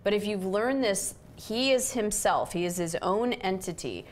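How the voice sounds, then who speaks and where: A middle-aged woman hosts a casual chat about relationships, speaking in a mid-range voice at a moderate pace. She tells an everyday story and animatedly acts out the quotes.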